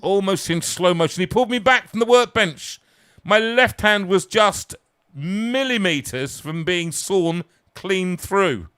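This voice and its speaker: Man telling his own story to a live crowd, wry and self-mocking, a bit higher voice. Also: animated, unhurried, a bit bright, clean tone. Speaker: singer and storyteller.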